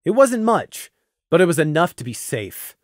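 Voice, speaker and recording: A man narrating a storybook with a lively, swooping delivery that rises and falls through every sentence. His voice sits slightly high for a man, recorded close and dry with no room behind it. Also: moderate pace, dry recording. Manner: expressive, dramatic reading. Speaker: audiobook narrator. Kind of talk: scripted fan fiction narration.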